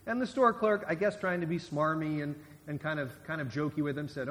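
A man's voice: a little high, fairly quick, big-room sound. A man preaching a sermon in a conversational way, with frequent restarts and asides to the congregation. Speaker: guest preacher.

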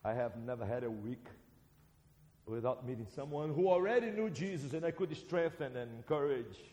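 A man from Brazil with a Brazilian accent, preaching a sermon as a seminary teacher, animated and swinging between loud and soft. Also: mid-range voice, normal speed. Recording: reverberant hall.

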